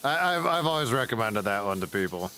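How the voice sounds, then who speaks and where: A man's voice: fairly low pitch, big pitch swings, fairly quick, bright, forceful tone, a little hiss or hum. Rambling, foul-mouthed male gamer. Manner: rambling, profane, laughs at his own stories. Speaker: gaming streamer. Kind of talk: casual gameplay commentary.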